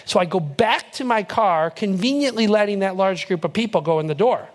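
A man's voice: high voice, lively intonation, a little fast. A young male pastor telling a personal story in a sermon, acting out his own reactions and building to emphatic preaching. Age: young adult.

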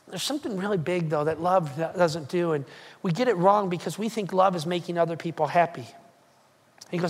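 A pastor preaching a sermon, telling the story behind a scripture passage in an animated, casual way, acting out what the writer says and adding jokey asides to the congregation. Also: medium pitch, moderate pace, slightly rough. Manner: animated, acts out quoted lines in a casual storytelling way. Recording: long reverb of a large hall.

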